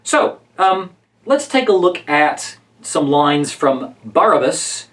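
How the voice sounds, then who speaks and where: A man lecturing as a literature professor in a relaxed, conversational way, with frequent ums and uhs, now and then reading verse aloud with emphasis. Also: a little high, slow pace, recorded from a distance. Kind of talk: recorded lecture.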